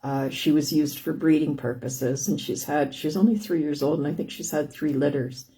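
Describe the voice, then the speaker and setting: An older woman with a low, mellow voice chats casually on her live stream. She rambles from one thing to the next, restarting sentences and looping back with "anyways". Her tone stays easygoing and homey. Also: fairly even intonation, normal speed. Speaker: host of a live stream about living with lung disease.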